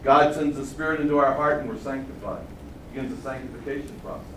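An older man preaching a sermon, swinging from loud exclamations to quiet asides. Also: mid-range voice, fast talker. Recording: roomy sound from far off the mic, faint hum.

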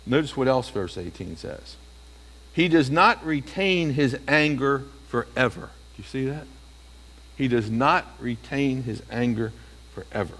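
A man's voice: mid-range voice, long reverb tail. A male preacher giving a sermon, often asking the listeners rhetorical questions.

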